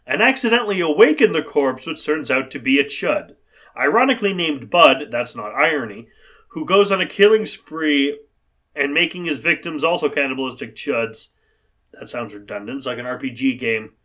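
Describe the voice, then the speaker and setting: A man's voice: medium pitch, normal speed, sharp tone. A man co-hosting a casual movie review show, wry and sarcastic. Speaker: podcast co-host.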